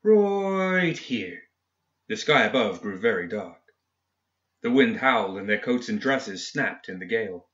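A man narrates a grim fiction story in a measured, even reading. His voice sits on the low side. The recording sounds dull and lo-fi. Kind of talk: scripted audiobook narration. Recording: dull lo-fi audio.

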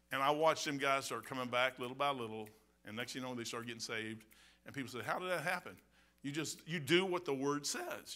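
A pastor giving a folksy, animated sermon, peppered with "man" and changes in loudness. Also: high voice.

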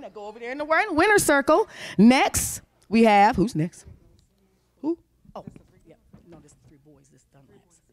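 A woman hosting a congregation youth talent show, cheerfully calling up children and handing out awards, speaking. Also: high voice. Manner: animated, cheering, calls out names. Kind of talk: lively emcee handing out awards. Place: congregation hall.

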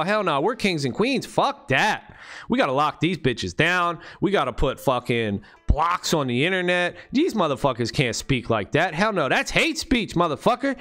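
An arrogant money-printing elite man who sneers at commoners and swears constantly, as a man acts him out. His voice is pitched high, and faint music plays behind. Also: a bit bright. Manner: profane, scornful, brash.

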